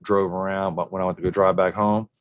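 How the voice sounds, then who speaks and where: Male podcast host, very low voice, upbeat slangy talker, casual. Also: flat delivery, quick pace. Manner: enthusiastic slangy banter. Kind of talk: casual chat.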